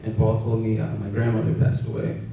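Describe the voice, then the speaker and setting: A young man telling a personal story in a halting, soft-spoken way, with many fillers. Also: completely flat delivery, gravelly. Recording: roomy, distant, dull with faint rumble.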